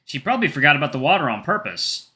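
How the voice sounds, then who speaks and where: Visual novel role: a man reading a bashful, joking young guy, bright sharp voice, lively. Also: fairly high pitch, quick pace. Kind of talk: visual novel read aloud.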